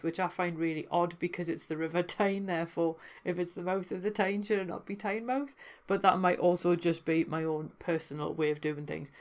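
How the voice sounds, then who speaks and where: A woman hosting a folklore podcast, telling legends in a chatty way with wry asides. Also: on the low side. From North East England. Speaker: podcast host. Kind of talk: casual folklore storytelling.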